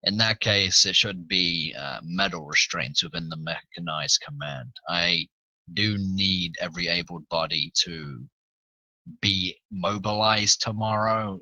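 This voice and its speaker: Player, low voice, forceful, dry mic; gruff sergeant. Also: male voice, unhurried, dry recording, low-quality recording. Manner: gruff, commanding sergeant talk. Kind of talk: in-character tabletop play.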